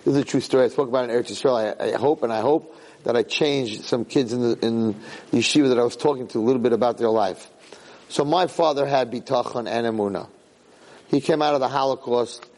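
Middle-aged man, rabbi, Torah lecture, animated, emphatic, repeats himself, medium pitch. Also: fast talker, poor audio. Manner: animated, emphatic storyteller who repeats words and restarts phrases. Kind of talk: Torah lecture with personal storytelling.

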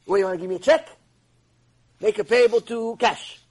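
A man's voice: very high voice, lively intonation, a little slow, pitched above the performer's own voice, full character voice, low-quality recording. A man putting on a jeering greedy well-owner. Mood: taunting. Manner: taunting, loud and jeering. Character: greedy mocking male well-owner, scornful.

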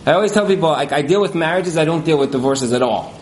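Man, marriage counselor, casual interview talk, high voice, lots of "like" fillers, echoey room. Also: fast talker, a little hiss or hum. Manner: animated, many fillers, acts out quoted couples.

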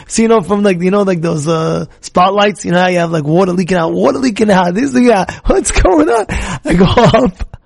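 A rabbi teaching a Torah lesson with a high, gravelly voice. He talks in an animated way, full of restarts, and breaks into loud scolding voices to act out everyday scenes. The delivery is warm in intent but excitable.

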